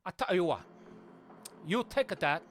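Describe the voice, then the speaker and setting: A man voicing a condescending foreign crime boss who talks in loud, clipped broken English. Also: high voice, sing-song, measured pace, slight background noise, pitched above the performer's own voice, exaggerated voice.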